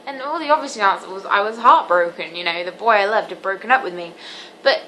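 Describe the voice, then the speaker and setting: A seventeen-year-old woman talking candidly to camera in a personal vlog, earnest and halting with frequent ums. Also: medium pitch, bright, forceful tone, a little hiss or hum, low-quality recording. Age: teens. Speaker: vlogger.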